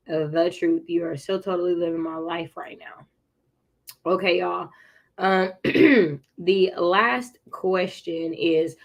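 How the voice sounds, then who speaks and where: Chatty woman hosting a writing livestream. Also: on the low side. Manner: chatty and encouraging, reads viewer comments aloud; occasional throat clearing and coughs. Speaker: livestream host. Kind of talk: casual livestream chat with viewers.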